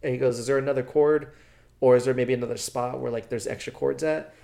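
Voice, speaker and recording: A man's voice: medium pitch, fast talker, vocal fry. A young man on a podcast, telling a story in casual chat, slangy and swearing freely, acting out what others said. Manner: animated, slangy, swears freely, acts out quoted dialogue. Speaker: podcast co-host.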